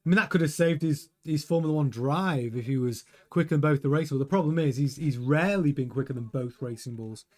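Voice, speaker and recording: A man hosting a live race watchalong, chatting excitably over the timings with frequent stumbling restarts. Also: fairly high pitch, fast talker, few pauses. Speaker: host.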